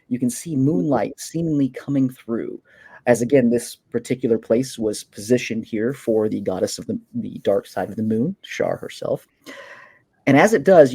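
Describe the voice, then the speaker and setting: A man serving as game master for a tabletop game, narrating scenes in a calm, descriptive way. His voice is mellow and a little husky. The sound is dry and close, as if recorded at home. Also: medium pitch, dry recording.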